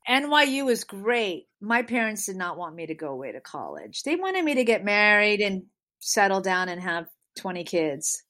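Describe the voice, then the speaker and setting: Brief: middle-aged woman guest, animated storyteller, medium-pitched voice, casual interview. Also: normal speed.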